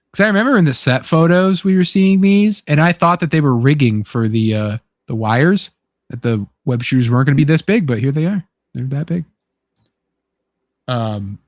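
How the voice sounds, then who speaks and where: Rambling male podcast host, fairly high voice. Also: dry recording, clean studio sound. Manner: rambling, many fillers and restarts. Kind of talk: casual chat reading a film script.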